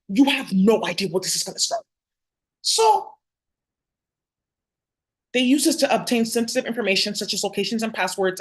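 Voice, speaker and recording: Fast-talking woman in a heated rant. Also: mid-range voice. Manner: rapid, profane, confrontational. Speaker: vlogger. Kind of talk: heated direct-to-camera rant.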